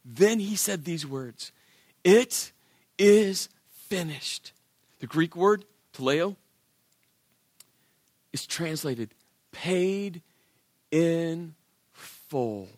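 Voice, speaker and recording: A male pastor preaching a sermon in an animated way, acting out the voices of biblical characters. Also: on the high side, very slow, pauses often, no room sound, clean studio sound.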